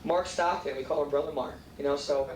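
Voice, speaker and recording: A man's voice: fairly high pitch, steady tone, brisk, darkish tone, a little hiss or hum. A middle-aged man giving a heartfelt, rambling thank-you speech at a martial arts banquet dinner, with many restarts. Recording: echoey hall, mic far off, faint room ambience.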